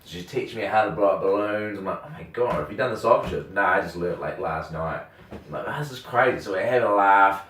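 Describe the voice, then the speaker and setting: Rambling low-voiced young Kiwi man. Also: fast, a little hiss or hum. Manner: rambling, animated, full of "like" and quoted voices. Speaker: radio host telling a story. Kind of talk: casual storytelling chat. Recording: roomy, distant mic.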